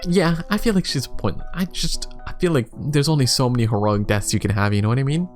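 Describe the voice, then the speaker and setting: A man's voice: mid-range voice, a little fast, faint music behind. A man casually thinking aloud while ranking game characters, rambling with lots of fillers. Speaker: YouTuber. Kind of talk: casual commentary for a tier list.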